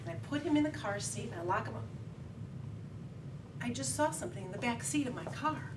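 Middle-aged woman, high voice, animated comic storyteller at a speech contest, heard from afar in an echoey hall. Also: brisk. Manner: lively, animated storytelling with laughing asides. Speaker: contest speaker. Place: meeting hall with audience. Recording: echoey hall, distant mic, background noise.

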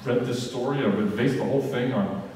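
A man's voice: medium pitch, fairly quick, mellow. A man speaking as a filmmaker onstage before an audience, dry, wry and matter-of-fact, in a large museum auditorium. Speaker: filmmaker in a public talk. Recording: echoey hall, mic far off.

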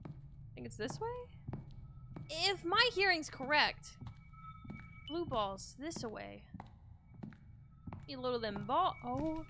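Woman streamer, very high and animated, excitable and profane, game music underneath. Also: unhurried, long pauses. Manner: excitable, swears a lot, yelps when scared. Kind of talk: live horror game streaming.

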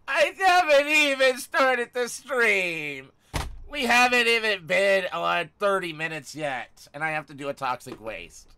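A young man streaming a game live, excitable and loud, yelling and swearing at his chat. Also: sits high, slow pace, smooth.

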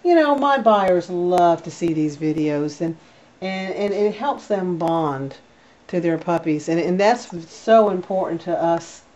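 A chatty, doting woman with a slightly low voice gives a casual home video tour, full of fillers and restarts. She sounds a bit off-mic, with dull, muffled camera audio and a faint hiss of room ambience behind her. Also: unhurried, a little mellow, distant mic. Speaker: dog breeder. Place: indoors at home with puppies. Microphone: camera held by a helper.

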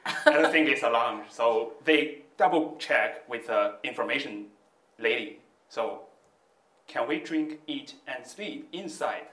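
A man's voice: medium pitch, lively intonation, a bit bright, recorded from a distance. Laughing man telling a comic story, echoey. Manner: halting non-native English, laughs at his own story. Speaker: stand-up comedian guest.

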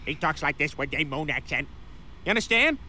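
Bumbling loud cartoon dad, high bright voice, swoops all over, rambly. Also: male voice, sing-song, normal speed, a little hiss or hum. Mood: bossy. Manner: blustery, rambling, stammering when flustered. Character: bumbling loudmouth middle-aged cartoon dad. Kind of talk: animated cartoon acting.

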